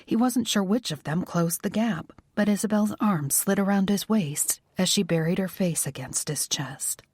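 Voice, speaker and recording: A woman narrating a romance audiobook in a soft, measured reading. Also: mid-range voice, husky, no echo, clean studio sound. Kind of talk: scripted narration.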